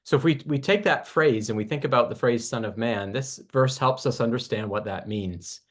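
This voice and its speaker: Man teaching the Bible, measured and explanatory. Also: medium pitch. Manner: explanatory, measured, with frequent restarts.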